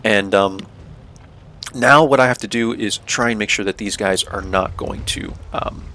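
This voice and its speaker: A young North American man casually narrates his own tank game, explaining tactics and peppering his talk with "um," "right?" and "man." His voice is fairly low and pushed bright, at a measured pace, with a little hiss or hum.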